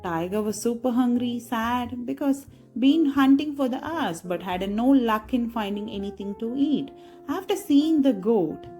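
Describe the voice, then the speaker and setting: A woman's voice: on the high side, a little mellow. A woman narrating a moral story for children in a chatty way, often checking in with her listeners. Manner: chatty, asks listeners "right?".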